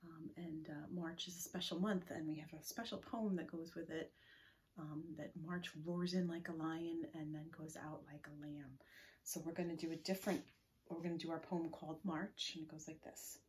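A woman librarian leading a children's story time gently, often dropping to a whisper. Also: low voice, steady tone, slight background noise. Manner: gentle, often drops to a whisper, drawn-out words.

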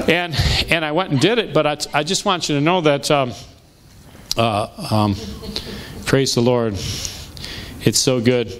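A middle-aged man pastor telling stories in a sermon, conversational and lively, often restarting his sentences. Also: on the high side, a little slow, pauses often, crowd noise, background noise. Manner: animated, conversational, with frequent restarts. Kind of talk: storytelling sermon. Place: church sanctuary.

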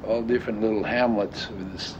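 An older man reminiscing in an interview, talking haltingly with many restarts and fillers. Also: fairly low pitch, steady tone. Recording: dull lo-fi audio with clear noise.

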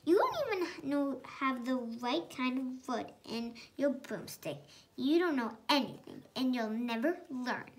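A woman's voice: sits high, very animated, unhurried, slight background noise, heavily acted. A woman putting on a bossy, scolding big-sister witch. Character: bossy mean older girl witch.

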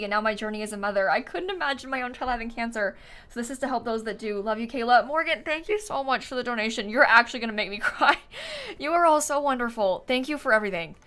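A woman's voice: a little high, a bit bright. A woman streamer chatting casually while playing a game, laughing often and thanking viewers for donations. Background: faint background music.

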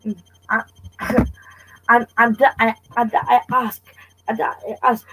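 Very breathy woman chatting on a podcast. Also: on the high side, level tone, unhurried, a bit bright, low-quality recording. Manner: chatty, agreeing, interjecting. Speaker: podcast co-host. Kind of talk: casual podcast chat.

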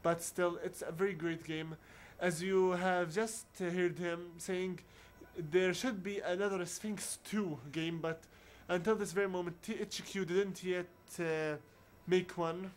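A man giving casual commentary on a video game playthrough, talking haltingly with many restarts and searching for words. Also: high voice, fairly even intonation. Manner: reads on-screen dialogue aloud in his own voice. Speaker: video game let's player.

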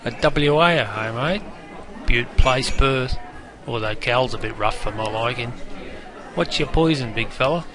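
A man's voice: mid-range voice, unhurried, crowd noise, close to an everyday voice. An Australian-accented man playing a brash, chummy pub barman who talks in slangy, matey banter. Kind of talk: scripted character narration.

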